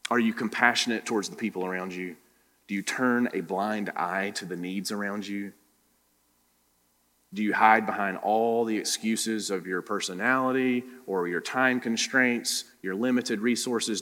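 A man with a low voice preaches to his congregation. He fires question after question at the room, and his words ring out with a long hall reverb. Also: measured pace, pushed and bright. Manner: preaching with many direct questions to the listeners. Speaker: pastor. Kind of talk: sermon. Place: church room.

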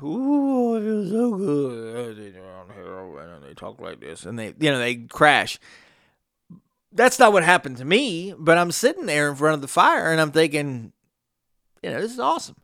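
A man's voice: mid-range voice, big pitch swings, normal speed, sharp tone, clear, resonant tone, dry recording, clean studio sound. A middle-aged man hosting a podcast, telling a rambling story in a casual monologue with frequent asides to the listener. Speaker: podcast host.

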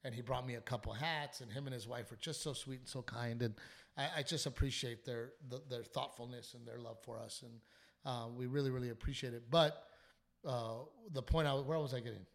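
A man's voice: mid-range voice, a little fast, creaky. Sick, sleepless man telling a story. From South Texas. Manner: animated, swearing, trailing restarts. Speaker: comedian and podcast host. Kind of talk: casual storytelling chat.

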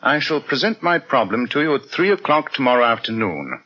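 An actor playing a cool, sharp-witted gentleman detective who speaks in a dry, precise, unruffled manner, in a radio drama. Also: mid-range voice, very animated, fairly quick, breathy edge, exaggerated voice. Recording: dull lo-fi radio recording.

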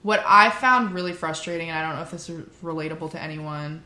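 A woman's voice: low voice, bright, forceful tone. Chatty young woman in an echoey room. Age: young adult. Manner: chatty, lots of "like", quick laughs. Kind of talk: casual chat.

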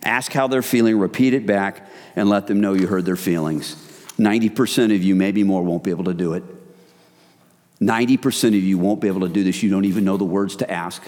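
A man's voice: on the low side, brisk, darkish tone. Guy preaching to the men, pushy and emphatic, keeps saying guys, long echo from the hall. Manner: emphatic and exhorting, addresses listeners as guys. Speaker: men's group preacher. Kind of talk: sermon.

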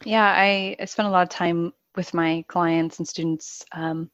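A woman's voice: lowish voice, fairly even intonation, unhurried, fairly bright tone, dry recording, muffled recording. A woman who trains horses, talking in a friendly, rambling way with frequent laughs in casual conversation.

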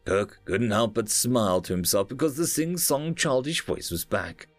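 A man narrating a story in a steady, expressive storytelling voice. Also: mid-range voice, moderate pace, no room sound, soft background music.

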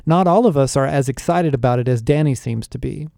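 A man's voice: mid-range voice, a little fast, vocal fry, mellow, no room sound, clean studio sound, lightly acted. A man voicing a blunt, impatient young woman. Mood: frustrated.

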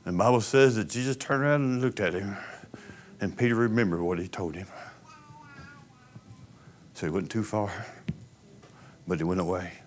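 A man preaching a sermon, telling a story as he swings from hushed to loud. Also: lowish voice, moderate pace, pauses often, slight background noise. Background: piano music.

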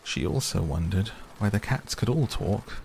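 A man reading a children's novel aloud with a very deep, gravelly voice and an unhurried pace. His narration is measured and even, with a faint hiss behind it. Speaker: audiobook narrator. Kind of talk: scripted narration.

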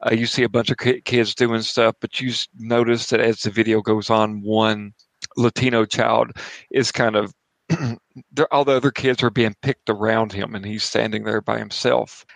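A man narrates a tabletop horror game as its game master, his voice gravelly with a rough fry. He talks casually and in halting bursts, restarting sentences and adding asides. The sound is close and dry. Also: fairly low pitch, steady tone, dry recording, rough recording. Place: home.

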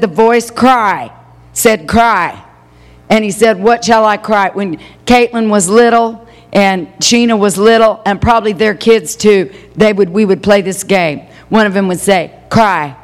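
An older woman pastor preaching a passionate sermon, stretching out key phrases for emphasis. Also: medium pitch. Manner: impassioned, drawn-out emphatic phrases. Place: church sanctuary. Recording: long hall reverb.

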